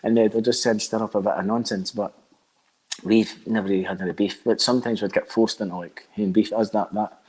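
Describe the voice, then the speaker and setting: A man's voice: lowish voice, steady tone, fast, a little mellow, slightly rough, low-quality recording. A Scottish man in his thirties, a band frontman chatting casually as a guest, rambling and swearing with lots of filler words. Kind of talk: casual chat.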